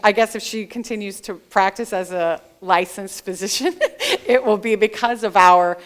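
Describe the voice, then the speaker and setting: A woman with a smooth, mid-range voice appears as an author guest in a conversational interview at a library event. She tells lively stories, animatedly acting out the dialogue she quotes.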